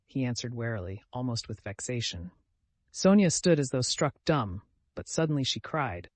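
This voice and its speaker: Male narrator for a classic novel, measured, expressive pitch, dry close sound. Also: no echo. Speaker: audiobook narrator. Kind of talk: scripted narration.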